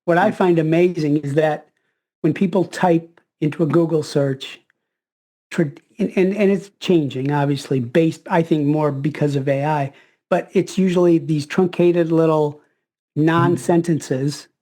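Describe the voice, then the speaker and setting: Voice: medium pitch, fairly even intonation, measured pace, dark tone. A podcast host in casual conversation, thinking aloud with restarts.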